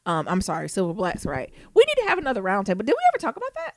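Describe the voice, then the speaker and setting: A woman co-hosting a podcast, chatting casually in an animated, swearing, playful and teasing way. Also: medium pitch, racing, dry recording, studio quality. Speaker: podcast co-host. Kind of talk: casual chat.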